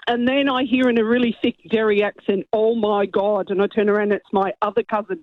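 A woman's voice: a little high, fast, no room sound. A middle-aged woman calling a radio show and telling a story with lots of giggles. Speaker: caller. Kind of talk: phone-in storytelling. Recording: dull, lo-fi phone line.

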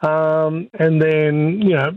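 A man's voice: fairly high pitch, level tone, slow pace, no room sound. A man calling in to a radio show, talking with hesitation and many ums. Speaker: radio caller. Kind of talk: phone-in chat. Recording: tinny phone line.

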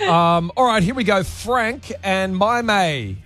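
High-voiced upbeat Australian radio host. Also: male voice, measured pace, sharp tone, soft background music. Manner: upbeat, joking. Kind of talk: breakfast radio banter.

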